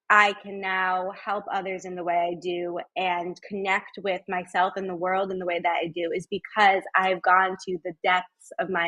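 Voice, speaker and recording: A woman guest on a podcast, speaking in an earnest, heartfelt, measured way in casual conversation. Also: medium pitch, a bit bright, low-quality recording.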